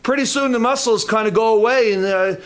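A man's voice: very high-pitched, a little fast, fairly bright tone. Folksy older male camp preacher. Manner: folksy, humorous asides with frequent restarts. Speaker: pastor. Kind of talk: sermon. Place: church camp meeting.

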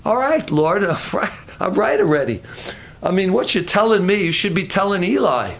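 An eager young boy, put on by a preacher telling a story, talks in earnest, insistent bursts. The voice sits high and bright. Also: big pitch swings, normal speed, full character voice. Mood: exasperated.

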